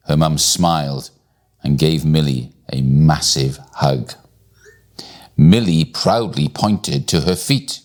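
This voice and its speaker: A man with a very low voice reads a bedtime story aloud. He takes his time, letting his pitch rise and fall in a lively, expressive way. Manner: expressive, slow and deliberate storytelling.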